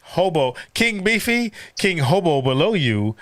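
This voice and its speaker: A man hosts a casual live podcast with a lively, swooping delivery that rises and falls constantly. His voice is bright and forward, recorded dry and close. He rambles, swears freely and breaks into laughter often. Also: on the high side, dry recording. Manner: rambling, profane, quick to laugh. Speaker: podcast host.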